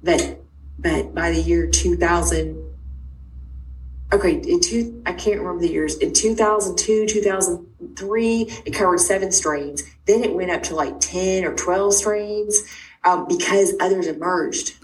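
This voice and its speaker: Animated middle-aged woman telling her story. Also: fairly low pitch. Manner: fast, emphatic, acts out quoted dialogue. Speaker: guest. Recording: distant mic with faint noise.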